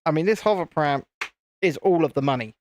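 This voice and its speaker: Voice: medium pitch, animated, brisk, a little mellow, slight background noise. A host chatting casually on a live stream while building, rambling and repeating phrases.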